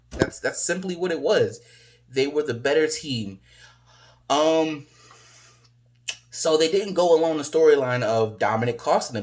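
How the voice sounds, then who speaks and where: A man with a medium-pitched voice talks through a casual review. He rambles, hesitates with plenty of fillers, and drops slangy asides as he goes. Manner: rambling and hesitant, many fillers, says "bro". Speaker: wrestling reviewer.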